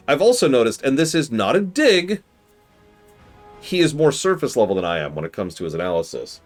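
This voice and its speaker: A man streaming a strategy game, chatting casually and animatedly, with mock-exasperated outbursts and quiet mutters to himself while he plays. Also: mid-range voice, very animated, fairly quick, faint music behind.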